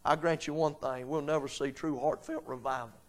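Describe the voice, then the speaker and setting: A man preaching a revival sermon, swinging between quiet low pleading and loud, high-pitched exhortation in folksy plain speech. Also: steady tone, brisk. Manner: folksy Southern-style grammar, "ain't", "I seen".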